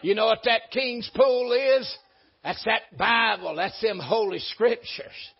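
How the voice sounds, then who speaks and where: A man preaches a folksy, emphatic sermon, swinging between loud peaks and low asides. His voice sits high and sounds husky. The recording is dull and lo-fi. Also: takes it slowly. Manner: folksy, emphatic preaching with sudden rises and drops. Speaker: pastor.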